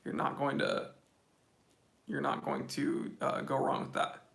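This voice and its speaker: A man's voice: medium pitch, completely flat delivery, measured pace, vocal fry, fairly bright tone. A young man hosting a casual live-stream Q&A from his phone, giving blunt, opinionated answers in slangy talk. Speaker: watch channel host.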